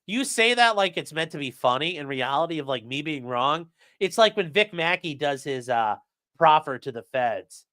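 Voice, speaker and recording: A young man chatting on a live stream, rambling and swearing as he reacts to chat. His voice is bright and lively, swinging up and down in pitch. The sound is close and dry at a desk mic. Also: normal speed, dry recording. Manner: rambling, profane, reads chat aloud. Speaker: streamer and trial lawyer.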